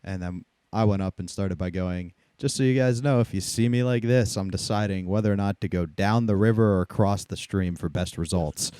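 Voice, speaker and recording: A man's voice: deep voice, fairly quick, hardly any pauses, dark tone, smooth, no echo. A man telling casual stories on a comedy podcast, dry and laid-back. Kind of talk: casual chat.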